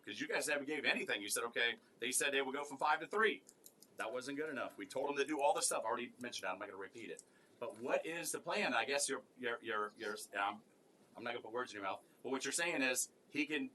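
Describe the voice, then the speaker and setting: Man, county commissioner, bright tense voice, impassioned, faint background hiss. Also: mid-range voice. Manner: impassioned, rising to forceful protest. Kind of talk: public meeting debate.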